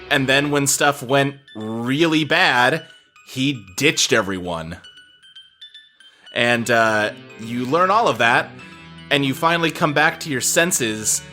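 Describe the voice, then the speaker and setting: A man's voice: mid-range voice, bright, forceful tone. A man acting as game master, narrating a tabletop role-play game bluntly and wryly.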